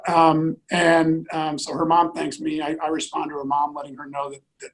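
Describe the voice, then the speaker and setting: A middle-aged man, an airline executive, telling a personal story in an interview in an earnest, halting way with many fillers and restarts. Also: on the high side, completely flat delivery, low-quality recording.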